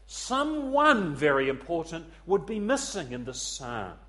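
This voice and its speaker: A man preaching an evening sermon, earnest and pleading, swelling loud and then dropping to a near hush, repeating words as he searches for them. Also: fairly high pitch, huge pitch swings, unhurried.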